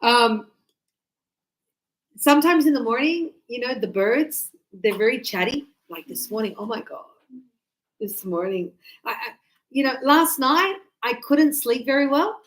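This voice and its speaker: A woman teaching a class, chatty and animated, acting out birds and her students as she explains. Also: a little high, a little slow, low-quality recording. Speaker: English teacher.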